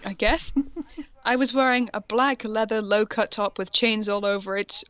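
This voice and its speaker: A woman's voice: medium pitch, fairly even intonation, normal speed, a bit bright, smooth, no echo, dull audio. A woman co-hosting a podcast, reading fan fiction aloud and stumbling over its odd words with comic disbelief. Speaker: podcast co-host.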